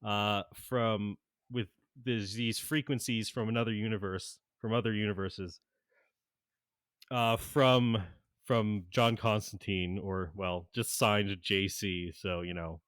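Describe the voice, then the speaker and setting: Slow, low-voiced game master. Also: male voice, steady tone, a bit bright, clear, resonant tone, dry recording, clean studio sound. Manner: halting, laughs often, many fillers. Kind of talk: narrating a tabletop game.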